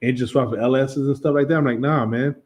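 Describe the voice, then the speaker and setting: A man's voice: medium pitch, steady tone, fast, darkish tone. A man hosting a podcast, asking questions in a laid-back, slangy way with short reactions. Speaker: podcast host. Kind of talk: casual chat.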